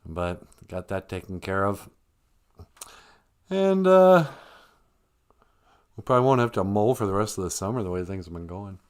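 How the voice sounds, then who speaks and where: Lively, rambling man chatting on a livestream. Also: sits low, moderate pace, long pauses, clean tone. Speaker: livestream host. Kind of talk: casual chat.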